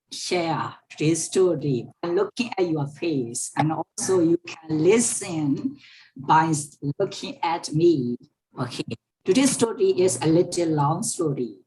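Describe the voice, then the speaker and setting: A woman's voice: low-pitched, lively intonation, takes it slowly, a little hiss or hum. A woman teacher reading a story aloud to an online class, repeating each sentence and explaining words. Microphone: online class microphone.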